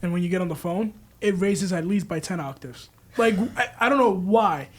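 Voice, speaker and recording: Twenties man, high voice, animated filler-heavy group talker. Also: moderate pace. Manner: animated, talks with lots of "like". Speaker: student or staff member. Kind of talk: casual group chat.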